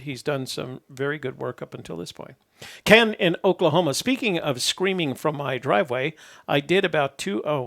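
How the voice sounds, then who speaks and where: A man with a somewhat high, gravelly voice hosts a call-in show. He talks in an easygoing, rambling way, with plenty of fillers between his thoughts. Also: fairly bright tone. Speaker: host.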